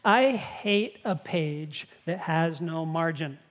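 A woman preaching a sermon with lively, storytelling energy. She acts out the quoted lines as she teaches. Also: sits low, takes it slowly.

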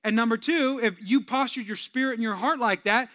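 A male pastor preaching a sermon, swinging from loud urging to quiet joking asides with the congregation. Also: very high voice, fairly quick.

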